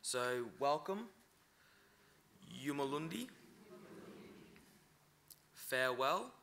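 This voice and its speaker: A man's voice: on the high side, sing-song, pushed and bright, a little hiss or hum. A man teaching pronunciation at a conference, breaking each word into syllables. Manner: slow, breaks words into syllables. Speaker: language teacher.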